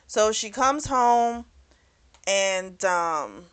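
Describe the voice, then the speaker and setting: A woman's voice: mid-range voice, animated, very slow, fairly bright tone, clear, resonant tone. A woman vlogger recapping a novel in a loose, chatty way, full of "you know" and "like", with the odd curse word. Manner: chatty, loose and frank, with frequent "you know" and "like" and some cursing. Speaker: book club vlogger. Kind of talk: casual spoken book recap.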